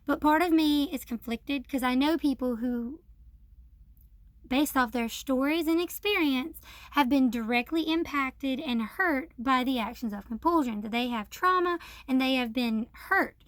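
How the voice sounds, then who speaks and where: A young woman with a high voice talks straight into a dry, close mic. She tells a personal grievance casually, swearing freely and mocking the people she quotes, with plenty of filler words. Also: measured pace, no echo. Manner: frank and profane, with many fillers; aggrieved, quoting others in a mocking tone. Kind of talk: casual vlog storytelling.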